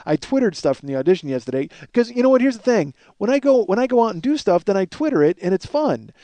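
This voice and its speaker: A man's voice: high voice, very animated, quick pace, warm tone, no room sound. Tired, cursing podcast host man. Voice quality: profane, self-mocking, frequent restarts and yawns. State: tired and yawning. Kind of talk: rambling self-deprecating podcast monologue.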